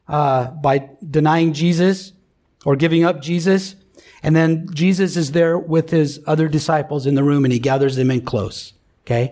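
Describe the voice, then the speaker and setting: High-voiced middle-aged man preaching. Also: darkish tone. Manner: conversational, emphatic, asks the congregation for responses. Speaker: pastor. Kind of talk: sermon.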